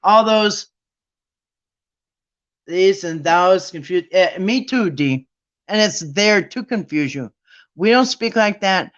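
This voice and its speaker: A man's voice: high voice, slow pace, long pauses, a bit bright, dull audio. A man hosting a Bible study talk, ranting with sarcasm in a rambling, casual monologue.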